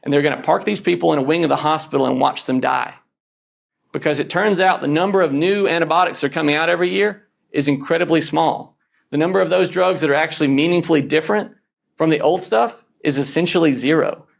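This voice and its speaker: A man's voice: on the high side, fast talker, vocal fry. A man lecturing fellow emergency doctors in a blunt, punchy way, often checking in with "okay?". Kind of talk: conference lecture.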